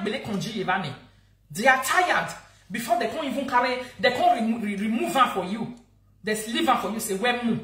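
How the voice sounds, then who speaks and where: A woman's voice: a little high, fairly bright tone, reverberant. Angry Nigerian woman ranting. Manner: angry, insulting, repetitive scolding. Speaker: social media vlogger. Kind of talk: heated live-video rant.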